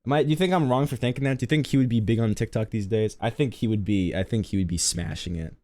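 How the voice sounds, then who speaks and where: A man's voice: lowish voice, quick pace, a little mellow, dry recording. A man streaming live, chatting casually and rambling to his viewers.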